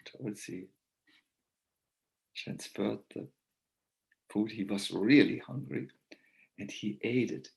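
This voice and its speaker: A man giving a festival sermon as a story, slow and hesitant, with many pauses and fillers. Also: lowish voice, vocal fry, low-quality recording. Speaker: visiting swami, speaker. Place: temple festival talk.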